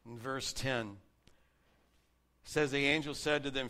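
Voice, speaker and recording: A man preaching a sermon, earnestly reading and explaining scripture, varying his loudness for emphasis. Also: medium pitch, fairly even intonation, unhurried, pauses often.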